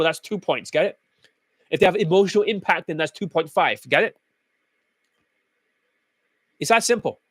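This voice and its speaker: High-pitched swearing man on a rant. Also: fairly bright tone, no room sound. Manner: blunt, mocking, heavy swearing. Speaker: dating coach host. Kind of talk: profane reaction rant.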